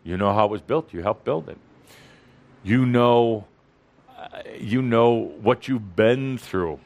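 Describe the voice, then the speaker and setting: A man's voice: mid-range voice, takes it slowly, a little mellow, lo-fi sound. A man speaking to an audience as a spiritual teacher. He teases and provokes, and he repeats lines for emphasis. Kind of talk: teasing, lively spiritual talk.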